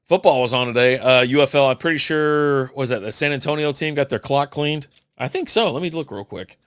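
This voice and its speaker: A man's voice: medium pitch, brisk, fairly bright tone, clean tone, dry recording. Profane rambling older man, dry close mic. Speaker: podcast host. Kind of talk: casual solo beer podcast rant.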